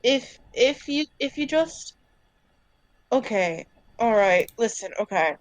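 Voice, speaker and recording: Woman playing a doubtful, blunt adventurer, raised pitch, unhurried. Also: animated, dry recording, poor audio. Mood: skeptical. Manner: halting, restarting, matter-of-fact.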